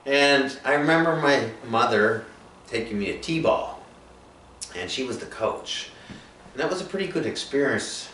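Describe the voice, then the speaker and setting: A man telling his own life story in a rambling, halting way, full of fillers and restarts. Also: medium pitch, animated, a bit bright. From Nova Scotia, Canada. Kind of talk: personal storytelling monologue. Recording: echoey room, mic at a distance, faint noise.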